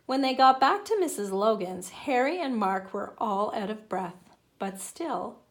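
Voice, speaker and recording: A woman reading a children's picture book aloud in an animated, playful way. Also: mid-range voice, measured pace. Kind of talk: children's story read-aloud.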